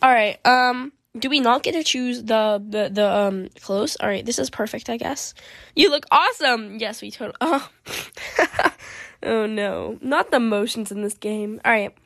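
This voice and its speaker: A woman's voice: fairly high pitch, unhurried, gravelly, fairly bright tone, no room sound, clean studio sound. A woman chatting animatedly and giggling as she plays a story game, reading its choices aloud. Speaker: gaming video creator.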